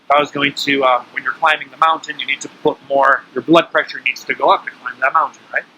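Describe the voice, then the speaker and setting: Bright-voiced man coaching breathing. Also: mid-range voice, fairly even intonation, fast, slight background noise, poor audio. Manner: coaching, often checks in with "right?". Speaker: breathing teacher. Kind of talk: casual instructional talk.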